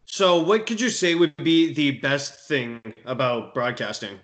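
A man's voice: a little high, sing-song, unhurried, fairly bright tone. A man interviewing a guest, mostly giving short agreeing replies and asking a question. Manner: brief encouraging backchannels.

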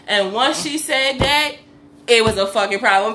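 Woman, middle-aged, casual storytelling, profane, animated, bright forceful tone, faint room hum. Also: a little high, moderate pace. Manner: animated, profane, acts out quotes loudly. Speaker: podcast co-host.

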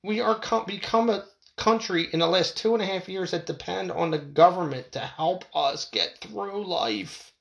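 A man's voice: high-pitched, normal speed, gravelly, lo-fi sound. A middle-aged man ranting heatedly and profanely into a desk mic at home. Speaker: podcaster. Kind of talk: ranting monologue. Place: home room, window open.

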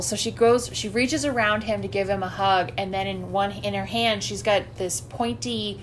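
A woman's voice: mid-range voice, steady tone, moderate pace, few pauses, a little hiss or hum. A woman co-hosting a casual podcast, animatedly recapping a movie and swearing freely. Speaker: podcast co-host.

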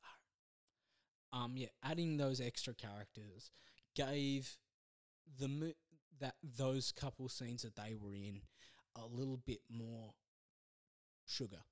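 A man hosting his own podcast, rambling casually through a movie review with self-deprecating asides and halting restarts. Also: mid-range voice. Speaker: podcast host.

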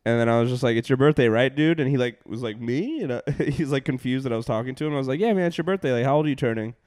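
A young man tells stories in a loose, rambling way, breaking into laughs and swearing freely. His voice is smooth and clear, recorded close and dry. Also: mid-range voice, steady tone, rapid-fire, darkish tone, no room sound. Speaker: comedian and podcast host. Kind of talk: casual storytelling chat.

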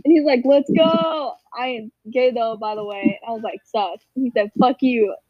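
A woman's voice: fairly high pitch, brisk. A teenage girl casually telling a story to friends on a call, acting out quotes with lots of energy. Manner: animated, acts out quotes, frequent laughs. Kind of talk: casual group chat storytelling. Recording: dull, dry lo-fi call audio.

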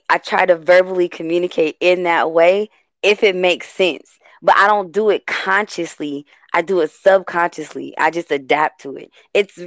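A woman from the West Coast hosts a loose, chatty talk in a slightly low voice, rambling and self-interrupting as she goes. She gets animated and quick when she's excited. The recording is dry and close. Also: dry recording. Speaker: host. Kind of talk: casual talk show chat.

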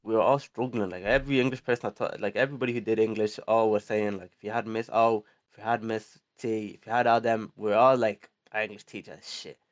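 A man's voice: lowish voice, steady tone, quick pace, few pauses. A young man in a laid-back casual chat, repeating his points for emphasis. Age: young adult.

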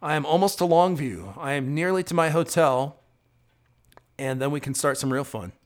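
A man's voice: fairly high pitch, moderate pace. Tired man rambling into his phone while driving. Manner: chatty, rambling, self-deprecating. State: tired, drowsy. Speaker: travel vlogger. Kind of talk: casual driving monologue. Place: inside a car at night, driving in rain.

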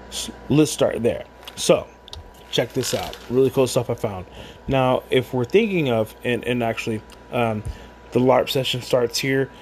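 A man's voice: mid-range voice, darkish tone, a little hiss or hum. A man at home rambling through a casual monologue with many restarts and asides while he drinks.

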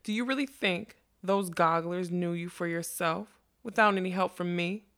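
A woman's voice: fairly low pitch, normal speed, a bit bright. A woman reading a storybook, voicing a scheming old carnival witch with a sweet, smoky, mocking voice. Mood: gloating. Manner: mocking, snarling when crossed.

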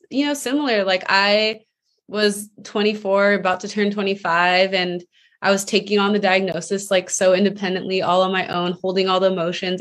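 A woman hosting a podcast, asking questions in a relaxed, casual way with many fillers. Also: mid-range voice. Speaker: podcast host. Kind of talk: casual interview chat.

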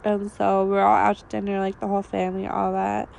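A woman, co-hosting a podcast, telling a long personal story in a raspy voice with many fillers while losing her voice. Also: mid-range voice, monotone, quick pace, a little mellow. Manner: rambling, filler-heavy storytelling. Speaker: podcast co-host. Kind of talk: casual storytelling chat.

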